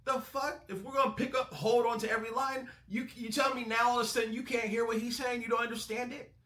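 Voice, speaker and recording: A man hosting a music breakdown channel, talking in a casual, excitable, profane way. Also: very high-pitched, fast, reverberant. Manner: animated, excitable, swears freely. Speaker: music reaction host.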